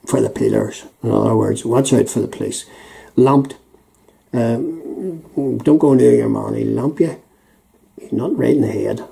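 Slow, gravelly Belfast man. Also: lowish voice, mellow, rough recording. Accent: Northern Irish, Belfast. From Northern Ireland. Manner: unhurried, chuckling, many ums and uhs. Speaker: YouTube channel host. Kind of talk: casual chat, reading local phrases.

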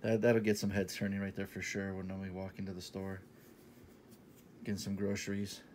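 A man in his thirties talking casually in a shopping haul vlog, enthusiastic and repetitive, sometimes dropping to a soft half-whisper. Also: low-pitched, monotone, normal speed, slight background noise. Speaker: vlogger showing a shopping haul.

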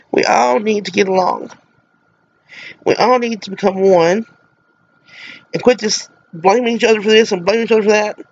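A woman's voice: mid-range voice, highs cut off. Impassioned Southern woman on a soapbox. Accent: Southern American. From Mississippi, USA. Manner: impassioned, preachy, emotional. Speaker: vlogger. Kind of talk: earnest monologue to camera.

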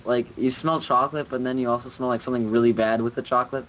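A young man hosts a casual stream, talking in loose, profane rambles packed with fillers. His voice sits at an everyday middle pitch. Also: steady tone, fast talker, a bit bright, a little hiss or hum, rough recording. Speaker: streamer host. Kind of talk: casual chat.

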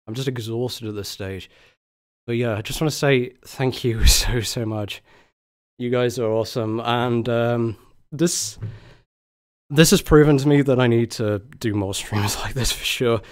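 A man's voice: mid-range voice, a little slow. A young man streaming live, out of breath and exhausted, chatting casually with sighs between thanks. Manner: breathless, sighing, grateful and laughing.

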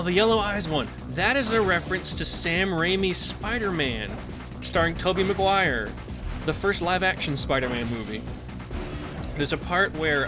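A man streaming a video game, chatting casually in a rambling, self-correcting way and laughing often. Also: a little high. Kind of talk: casual gameplay commentary. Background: game music.

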